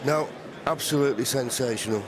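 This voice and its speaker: A man giving live snooker commentary, calmly explaining each shot. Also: mid-range voice, brisk, noisy background. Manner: calm explanatory shot analysis.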